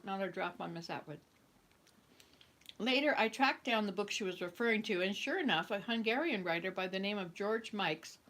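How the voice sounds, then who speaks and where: A woman's voice: medium pitch, a bit bright. Chatty woman reading aloud. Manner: chatty, stumbles and corrects herself; talks around a cookie. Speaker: host reading a book aloud. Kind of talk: casual read-aloud.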